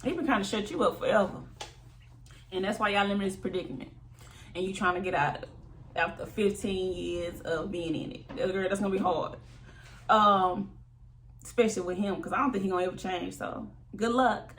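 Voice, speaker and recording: A woman's voice: mid-range voice, moderate pace, pauses often, slight background noise. A woman giving a casual, gossipy recap of a reality show, laughing often and acting out what people said. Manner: laughs often, gossipy and animated, acts out quotes.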